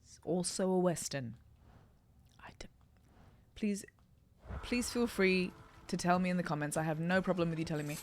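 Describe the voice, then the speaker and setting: A woman's voice: fairly low pitch, moderate pace, long pauses, slight background noise. A young woman streamer chatting and reacting aloud as she plays a video game. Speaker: gaming streamer. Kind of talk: let's play commentary.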